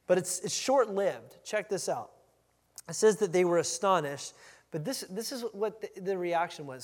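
A pastor preaching a conversational sermon who acts out the crowd's reactions with sudden jumps in pitch and loudness. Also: male voice, animated, normal speed, long reverb tail.

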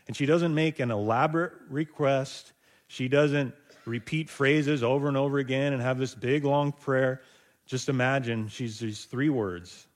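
A male pastor preaching a conversational sermon, thinking aloud with rhetorical asides to his listeners. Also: mid-range voice.

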